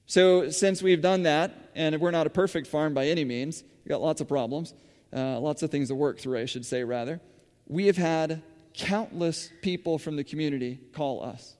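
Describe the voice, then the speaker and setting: A man's voice: a little high, normal speed, darkish tone. A man giving a conversational sermon, telling stories full of fillers and restarts in a church hall. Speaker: church speaker running a school farm. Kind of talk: sermon-style storytelling. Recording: long hall reverb.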